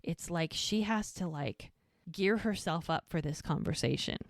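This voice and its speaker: Low-voiced woman recapping a TV episode. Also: creaky, no echo, studio quality. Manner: retells scenes with quick quoted lines. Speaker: podcast co-host. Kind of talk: casual rewatch podcast chat.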